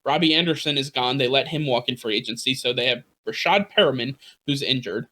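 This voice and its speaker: A man's voice: mid-range voice, fairly quick, bright, forceful tone. A man co-hosting a sports podcast, chatting casually about football teams with lots of fillers, restarts and the odd laugh. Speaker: podcast co-host.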